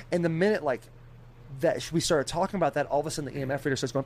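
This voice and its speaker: Young guy swearing a lot, animated story with beep sounds, kinda high voice. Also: racing, slight background noise. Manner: animated storytelling, mimics beeping and quoted voices; swears freely. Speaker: storyteller in group chat. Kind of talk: casual chat.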